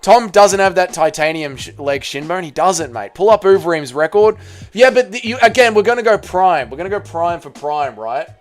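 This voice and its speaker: Swearing Australian streamer chatting. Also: male voice, sits high, expressive, normal speed. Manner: swears casually, talks to his chat. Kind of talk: casual livestream reaction chat.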